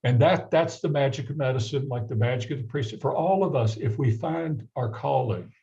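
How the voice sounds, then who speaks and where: A man's voice: medium pitch, fairly quick, gravelly, warm tone, highs cut off. A man from the American South telling a personal story as a guest, acting out the voices of the people in it. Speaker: guest physician. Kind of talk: storytelling in a conversation.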